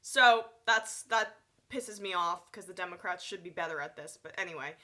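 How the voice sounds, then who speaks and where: Stuffy-nosed woman doing live political commentary, sarcastic, lots of ums, bright sharp voice. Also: fairly low pitch, normal speed. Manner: sarcastic, opinionated, many fillers. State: stuffy nose. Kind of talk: live online news commentary.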